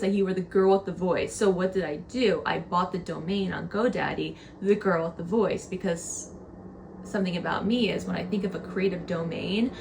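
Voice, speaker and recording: A woman's voice: lowish voice, brisk, vocal fry, fairly bright tone, slight background noise. A young adult woman hosting a podcast, telling a rambling story in a casual, chatty way with many fillers, sometimes dropping into a whisper. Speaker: podcast host.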